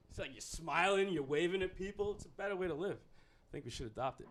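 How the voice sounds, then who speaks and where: A man's voice: high-pitched, animated, fairly quick. Profane, rambling stand-up comic man. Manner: profane, rambling and self-mocking. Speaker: stand-up comedian. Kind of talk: stand-up comedy set.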